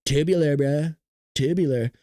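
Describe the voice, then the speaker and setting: A man's voice: on the high side, unhurried, warm tone, lightly acted. A man doing a drawling surfer dude. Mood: laid-back. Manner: drawling, slangy. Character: laid-back young male California surfer dude.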